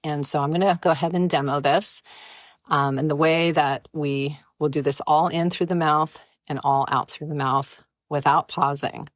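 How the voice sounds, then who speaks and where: Low-voiced woman guiding breathwork. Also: fairly even intonation, no echo. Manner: gentle, playful, unhurried guidance. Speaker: breathwork guide. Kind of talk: guided breathwork instruction. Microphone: close mic, live stream.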